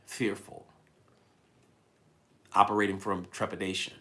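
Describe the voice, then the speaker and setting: A man's voice: low voice, flat delivery, a little slow, fairly bright tone. A man coaching a livestream audience, emphatic, repeating lines and thanking viewers by name. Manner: emphatic, repeats phrases, reads viewer comments aloud. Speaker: life coach. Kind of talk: livestream motivational talk. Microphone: handheld mic.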